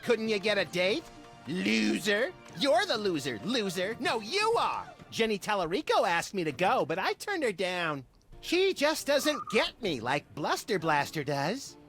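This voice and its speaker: An actor voicing a brash, excitable young rabbit-like creature in a video game, bratty and mocking. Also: medium pitch, a little slow. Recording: game audio under music.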